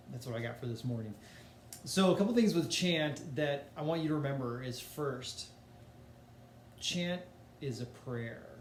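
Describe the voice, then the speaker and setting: A man gives a casual music lesson in a loose, chatty way, with filler words along the way. His voice sits at an ordinary middle pitch. The room rings with echo, and a faint hiss stays under it. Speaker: music teacher.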